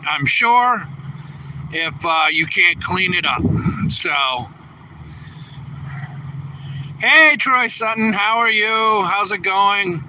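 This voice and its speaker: A tired trucker livestreaming outdoors, chatting casually and reading viewer comments aloud. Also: male voice, sharp tone. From New England. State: a little tired. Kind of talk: casual live stream chat. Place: outdoors at a truck distribution center. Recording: distant phone mic with faint traffic noise. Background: trucks rumbling.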